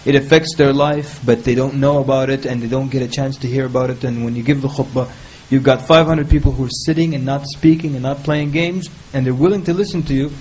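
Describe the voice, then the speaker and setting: A man speaking on a panel, giving advice in a lively, humorous way and mimicking people in quick quoted asides. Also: medium pitch, a little hiss or hum, rough recording. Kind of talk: casual panel talk.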